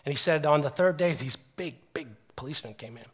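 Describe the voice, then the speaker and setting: A middle-aged man preaching a sermon, earnest and animated, with frequent restarts as he retells stories. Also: on the high side, brisk, breathy edge.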